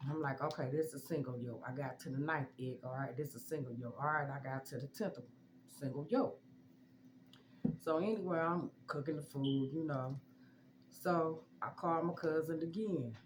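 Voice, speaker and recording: Young woman, low voice, animated storyteller. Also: moderate pace, background noise. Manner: animated, leaps high when quoting herself. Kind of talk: casual storytime.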